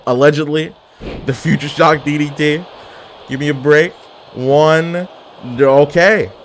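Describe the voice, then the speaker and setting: A man commentating his own online wrestling game, jokey and excitable, full of trash talk, swearing and wrestling slang. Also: on the high side, slow, a little hiss or hum. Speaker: gaming video creator.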